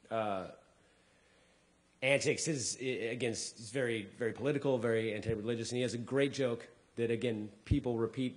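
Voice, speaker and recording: Comedian guy chatting to a live crowd, jumps way up when he acts out other people, then goes low and quiet. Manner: animated, acts out people's lines with big jumps in pitch; drops to a quieter, lower voice for asides. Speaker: comedian giving a talk. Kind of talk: casual talk to a live audience.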